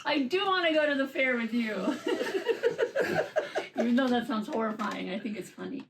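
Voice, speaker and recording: A woman hosting a comedy podcast, chatting casually, reacting with quick exclamations and laughter. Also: fairly high pitch, distant mic, noisy background. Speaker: podcast host.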